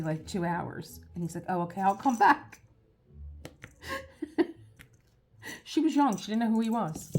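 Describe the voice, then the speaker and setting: Gravelly-voiced woman telling rambling stories. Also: lowish voice. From United States. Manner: animated, rambling anecdotes with restarts. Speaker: crafting channel host. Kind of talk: casual storytelling chat.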